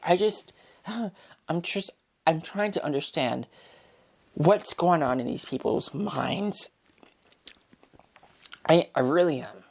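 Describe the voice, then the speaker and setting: Young woman vlogger, deep and gravelly, profane rambling rant. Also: expressive, slow, pauses often, a little mellow. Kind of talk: casual opinion rant.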